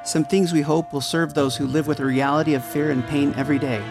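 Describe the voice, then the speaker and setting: A man's voice: fairly high pitch, fairly even intonation, fairly quick. A male podcast co-host reading a sincere, scripted outro. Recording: music bed underneath.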